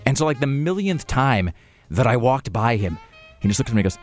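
Fast-talking man telling a rambling story. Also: mid-range voice, sing-song, faint music behind. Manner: rambling with many restarts and fillers. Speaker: radio show host. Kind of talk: casual storytelling on air. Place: radio studio.

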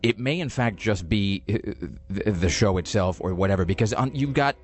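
A man's voice: lowish voice, moderate pace, soft background music. A man hosting a podcast, rambling sarcastically in casual chat about a TV show. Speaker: podcast host reviewing TV.

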